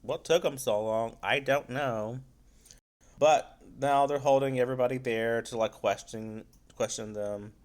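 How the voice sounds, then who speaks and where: A man's voice: mid-range voice, steady tone, unhurried, a little mellow. A man giving a casual spoiler review of a film, loose and rambling, with frequent swearing.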